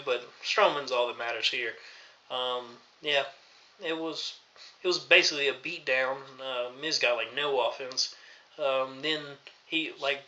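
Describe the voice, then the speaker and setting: A man's voice: medium pitch, pushed and bright. A man recapping a wrestling show in an exasperated, rambling rant full of fillers. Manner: exasperated ranting, filler-heavy. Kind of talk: ranting recap vlog. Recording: dull lo-fi recording.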